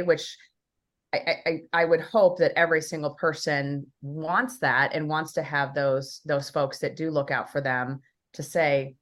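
A woman's voice: low-pitched, steady tone, unhurried, a bit bright. A woman co-hosting a podcast, talking conversationally with many fillers as a workplace consultant.

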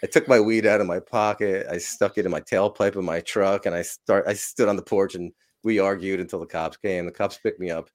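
A man's voice: low voice, fairly even intonation, brisk, hardly any pauses. A man who is a podcast guest, telling long, rambling, profanity-laced stories and laughing through them. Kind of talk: casual storytelling.

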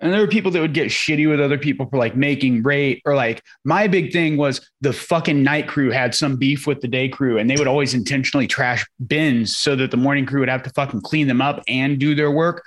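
A man with a medium-pitched voice co-hosts a casual podcast chat. He sounds laid-back and wry and swears freely. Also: brisk, hardly any pauses. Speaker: podcast co-host.

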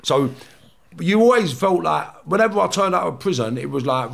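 Gravelly guy, ex-con on a podcast, swears a lot, gets loud telling stories. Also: a little high, moderate pace. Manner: blunt, heavy swearing, gets loud and animated retelling clashes. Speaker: guest, former prisoner. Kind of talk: casual podcast chat.

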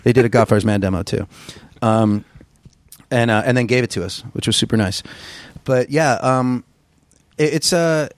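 A man who is a musician, telling stories in a casual interview, rambling and profane with a gruff voice. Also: mid-range voice, moderate pace, dry recording. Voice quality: gruff singer's voice. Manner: rambling, profane, self-deprecating storyteller. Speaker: musician guest.

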